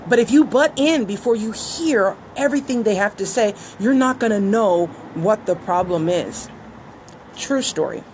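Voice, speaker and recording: A woman's voice: medium pitch, lively intonation, moderate pace, darkish tone, slight background noise, rough recording. A woman giving an earnest motivational talk on business and listening, acting out the conversations she quotes. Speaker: business coach. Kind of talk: motivational teaching monologue.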